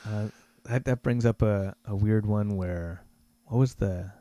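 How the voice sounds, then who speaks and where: A man's voice: on the low side, a little slow, warm tone, no room sound. A man co-hosting a board game podcast, talking loosely and trailing off with lots of fillers. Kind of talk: casual chat.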